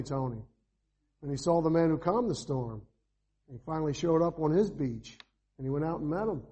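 A man preaching an evangelistic sermon, swinging from emphatic calls to quiet asides and asking his congregation rhetorical questions. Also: a little high, husky. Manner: fervent, rises to emphatic calls then drops to quiet asides.

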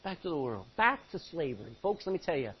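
A man preaching a sermon, reading scripture aloud and breaking into sudden loud outbursts. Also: on the high side, big pitch swings, fast talker, breathy edge. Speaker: pastor. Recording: muffled lo-fi recording.

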